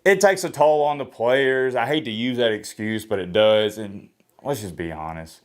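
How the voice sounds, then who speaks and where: A man doing a solo sports reaction vlog. He talks in a blunt, opinionated way, with energetic swings in pitch and a slightly hoarse voice. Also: moderate pace. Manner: opinionated, blunt trash talk. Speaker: sports vlogger. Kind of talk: solo college football reaction.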